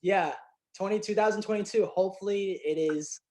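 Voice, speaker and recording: Speaking a little fast in a high voice, a male filmmaker-actor tells stories as an interview guest. The chat is casual, and he's animated and excitable, often using fillers and starting over.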